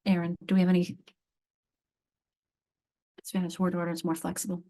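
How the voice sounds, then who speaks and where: A woman's voice: fairly low pitch, normal speed. A woman leading a teacher training on literacy, talking through grammar examples with many restarts and rhetorical tag questions. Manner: animated, many restarts and fillers. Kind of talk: live teacher training lecture.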